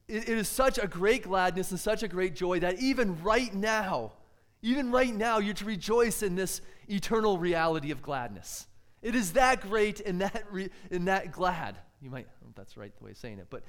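A man preaching a sermon, earnest and expository, often putting rhetorical questions to his listeners. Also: sits high.

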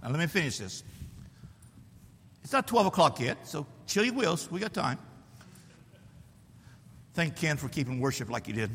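A man preaching a sermon to his congregation, animated and teasing, with bold declarations. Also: fairly high pitch, normal speed, pauses often, husky, big-room sound.

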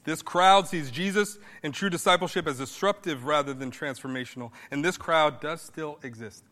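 A man's voice: fairly high pitch, moderate pace, bright, forceful tone, in a large hall. A man pastor preaching a sermon in a conversational style, rising now and then to emphatic bursts.

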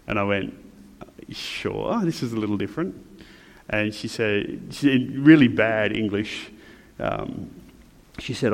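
A middle-aged man in church leadership, speaking reflectively and haltingly, with many pauses and restarts. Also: lowish voice, big-room sound. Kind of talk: reflective personal talk.

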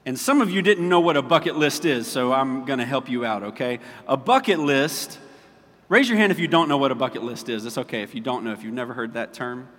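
A man's voice: medium pitch, animated, a little fast, a bit bright. A man preaching a casual sermon as pastor, chatty and checking in with his listeners often. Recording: long reverb of a large hall.

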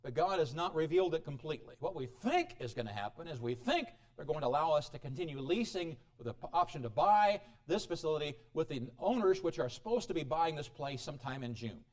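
Animated preacher man with a lively voice. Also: fairly high pitch, fairly quick, hardly any pauses. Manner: animated, swinging between loud exclamation and quiet asides. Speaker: pastor. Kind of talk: sermon. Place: church.

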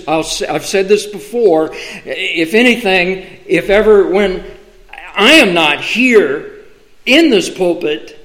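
A man preaching a sermon from the pulpit in a slow, deliberate way, pausing for emphasis. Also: high-pitched, fairly bright tone, roomy sound, rough recording. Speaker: pastor. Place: church sanctuary.

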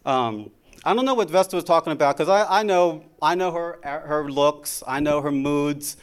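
A man's voice: on the high side, normal speed, smooth. A middle-aged man giving an informal sermon about marriage, talking conversationally and often repeating his words.

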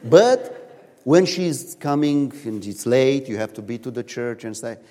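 A man preaching a sermon in a church, telling stories in animated, non-native English, recorded in a reverberant hall. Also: medium pitch, normal speed. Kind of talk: sermon with storytelling.

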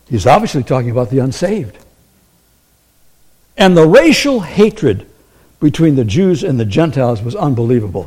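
A man's voice: mid-range voice, a little mellow, slightly rough. A man preaching a sermon as pastor, acting out quoted voices and asking the congregation questions.

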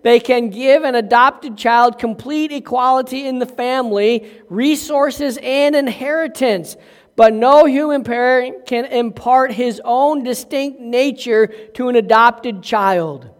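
An older man preaching a sermon as pastor, slow and emphatic, mixing scripture with family stories. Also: very high voice, long reverb tail.

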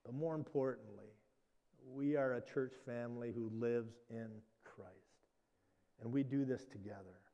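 Conversational pastor preaching in a reverberant hall. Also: male voice, mid-range voice, unhurried, creaky, warm tone, lo-fi sound. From Midwestern United States. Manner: conversational, with frequent restarts and "you know". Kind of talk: sermon.

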